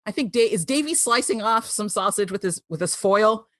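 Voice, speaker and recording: A woman's voice: mid-range voice, animated, fairly bright tone, no room sound, studio quality. A woman co-hosting a podcast, chatting casually and giggling as she recaps a TV episode. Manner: giggly, acts out characters' lines in quick bursts. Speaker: podcast co-host.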